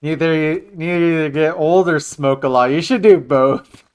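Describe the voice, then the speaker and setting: Male game streamer, playful and chatty, clear tone. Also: a little high, steady tone, normal speed. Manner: joking, chatting with viewers. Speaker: livestreamer. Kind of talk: casual gaming livestream chat.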